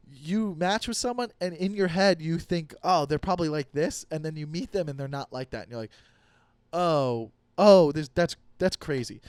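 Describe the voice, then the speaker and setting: A young man hosting a comedy podcast, ranting profanely about dating apps and acting out quick quoted voices. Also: high voice, darkish tone, dry recording, clean studio sound. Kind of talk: solo comedic podcast rant.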